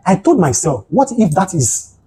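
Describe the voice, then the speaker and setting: A man with a high-pitched, slightly rough voice and a Nigerian accent speaks at normal speed in a low-quality recording. He is a psychotherapist and guest speaker giving a motivational talk on mental health, telling animated stories and asking his listeners rhetorical questions.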